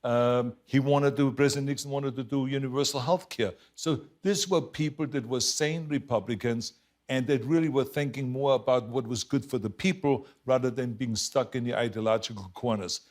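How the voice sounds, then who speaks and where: A man from Austria with a strong Austrian German accent, telling stories as an interview guest in an animated, emphatic way with frequent laughs. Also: mid-range voice, moderate pace. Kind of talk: casual storytelling interview.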